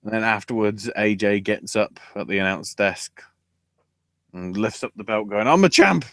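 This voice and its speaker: A man hosting a wrestling podcast, talking casually with sarcasm and swearing, and acting out quotes in loud bursts. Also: fairly low pitch, flat delivery, normal speed, no room sound, studio quality.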